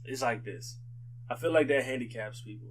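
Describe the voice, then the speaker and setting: A man co-hosting a casual podcast conversation, telling stories in an animated way and laughing often. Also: mid-range voice, normal speed. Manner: animated storyteller who laughs often, with frequent "like" fillers. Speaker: podcast co-host.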